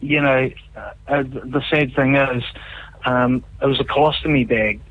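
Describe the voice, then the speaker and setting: A man's voice: mid-range voice, fairly even intonation, moderate pace, narrow, tinny audio. A man, a musician guest chatting casually, a laughing storyteller. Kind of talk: casual chat.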